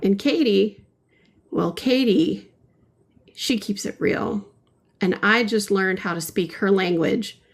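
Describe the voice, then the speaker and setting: A woman's voice: medium pitch, takes it slowly, creaky, pauses often. A woman hosting a painting livestream, chatting casually and playfully with her viewers, often giggling.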